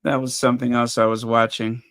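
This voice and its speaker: A man's voice: medium pitch, little pitch movement, a little fast, a bit bright, clean tone. A man hosting a casual live commentary stream, chatty and exasperated, thinking aloud as he talks to his viewers. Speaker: livestream commentary host.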